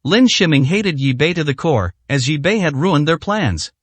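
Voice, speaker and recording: A man narrating a serialized web novel aloud with an even, steady read and the odd slip. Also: on the high side, moderate pace, breathy edge, no echo. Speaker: audiobook narrator.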